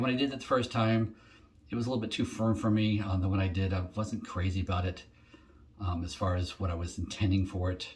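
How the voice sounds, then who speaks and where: A middle-aged man chatting casually through an unboxing, rambling and thinking aloud with frequent ums. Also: sits low. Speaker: shaving vlogger.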